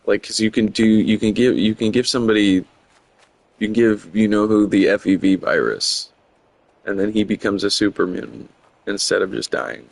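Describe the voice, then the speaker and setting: Male streamer, low-ish gravelly voice, loose rambling commentary with fillers. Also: normal speed, no room sound, low-quality recording. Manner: rambling, many fillers, chuckling. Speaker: game streamer. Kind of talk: casual gameplay commentary.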